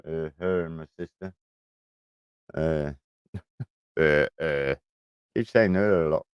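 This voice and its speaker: A man's voice: rumbling low, takes it slowly, smooth, no echo, lo-fi sound. A middle-aged man chatting casually at home, rambling, chuckling and swearing freely as he talks to camera. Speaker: vlogger. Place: room at home, indoors.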